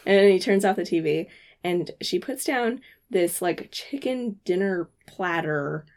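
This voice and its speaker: A woman's voice: fairly low pitch, expressive, unhurried, a little mellow. A woman co-hosting a podcast, casually recapping a TV episode and acting out the characters' lines with laughter. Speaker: podcast co-host.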